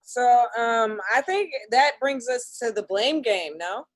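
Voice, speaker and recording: Texan woman host, unhurried and teasing, dry close sound. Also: on the high side, lively intonation, dry recording. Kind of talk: casual podcast chat.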